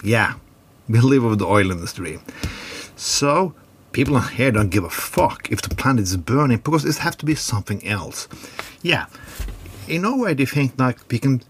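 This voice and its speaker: A man's voice: mid-range voice, animated, normal speed, a little hiss or hum, natural voice. A man doing an impression of an older male president, swearing through an angry rant. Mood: furious rant.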